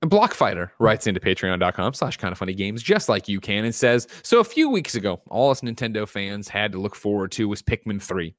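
A man hosting a casual gaming news podcast, talking in an animated way with frequent restarts and reading out listener letters. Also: fairly low pitch, a little fast, few pauses, dry recording, clean studio sound. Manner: animated, restarts often, reads listener mail. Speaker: podcast host.

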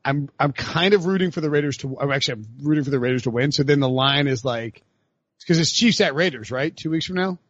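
A man's voice: on the high side, quick pace, no echo, dull audio. A man co-hosting a casual sports podcast, rambling with lots of fillers and frequent laughs. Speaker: podcast co-host.

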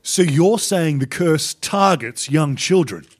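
High-voiced excitable reporter, swooping wildly in pitch, gasping, shrieking, man acting it out, comedy sketch. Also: takes it slowly. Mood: pushy. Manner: excitable, leaps to wild conclusions, gasps and shrieks. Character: panicky male tabloid reporter, paranoid, mishears everything.

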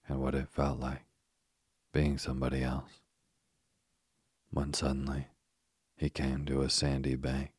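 A man narrates a bedtime story in an extremely deep, husky voice that barely moves in pitch. His soft, unhurried reading is recorded close and dry. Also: dry recording. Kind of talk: slow sleep story narration.

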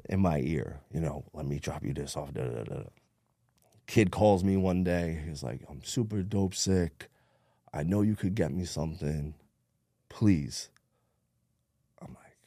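A man's voice: low voice, vocal fry, dark tone, dry recording, studio quality. A man from New Jersey with a New Jersey accent, telling his story bluntly in a casual interview, swearing freely and acting out what people said. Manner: streetwise, blunt, swears a lot, acts out quotes. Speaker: podcast guest.

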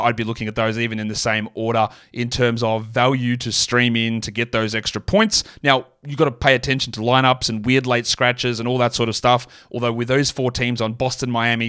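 A man's voice: medium pitch, fairly bright tone. A man hosting a fantasy basketball podcast, talking through his picks in a rambling, self-correcting way full of fillers. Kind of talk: solo podcast analysis.

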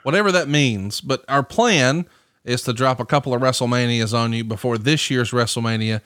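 Man, teasing upbeat podcast host, mid pitch, dry close sound. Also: brisk, fairly bright tone, clean tone, dry recording. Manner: upbeat, teasing, steers the talk. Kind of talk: casual podcast hosting.

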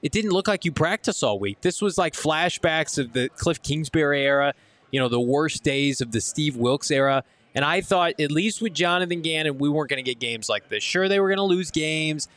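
A man hosts a live postgame show from a casino watch party, breaking down the loss in an emphatic, ranting way. His voice sits slightly high, and the sound is close and dry. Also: lively intonation, normal speed, fairly bright tone, no echo. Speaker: sports talk show host. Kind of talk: postgame sports talk.

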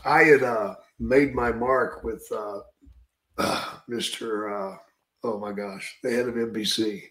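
A man's voice: lowish voice, fairly even intonation, takes it slowly, fairly bright tone. Guy drawling out a salty story, cussing a lot, echoey room. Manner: drawling, profane, uses "brother" and "man". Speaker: podcast host and retired wrestler telling stories. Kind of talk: casual storytelling.

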